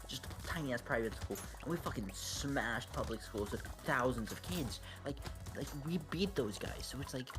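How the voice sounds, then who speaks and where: A man's voice: mid-range voice, animated, moderate pace, few pauses, music in the background. A teenage boy streaming a game, chatting casually and animatedly, swearing and breaking into laughs. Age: teens. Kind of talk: casual chat while gaming.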